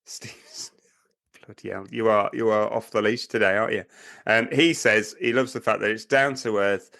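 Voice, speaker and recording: A man's voice: lowish voice, fairly even intonation, normal speed, vocal fry, bright, forceful tone. A middle-aged man co-hosting a podcast, reading listener reviews and teasing his co-host with frequent laughter. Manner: giggly, teasing, laughs often.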